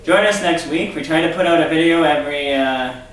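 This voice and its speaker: A man's voice: fairly high pitch, brisk, a bit bright, recorded from a distance. A man hosting his own vlog, talking in a sarcastic, rambling rant. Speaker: vlog host. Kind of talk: casual vlog monologue. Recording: echoey room, off-mic, faint hiss.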